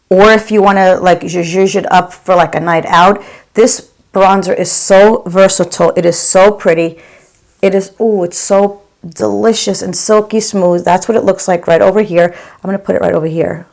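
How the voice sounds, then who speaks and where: Middle-aged woman beauty vlogger, lower voice, effusive and chatty, casual home recording. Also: a little mellow. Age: 40s or 50s. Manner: gushing, chatty, calls viewers girl. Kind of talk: casual makeup review to camera.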